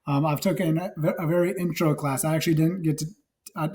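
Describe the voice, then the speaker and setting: Slightly raspy man from Wisconsin. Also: fairly even intonation, quick pace, a little mellow. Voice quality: low and a little raspy. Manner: rambling, many restarts and fillers. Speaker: guest actor and nurse. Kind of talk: casual interview chat.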